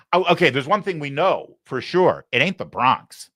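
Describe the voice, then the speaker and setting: A man hosting a talk show, giving sarcastic, mocking commentary in an animated way. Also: a little high, normal speed, no echo, studio quality. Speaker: host.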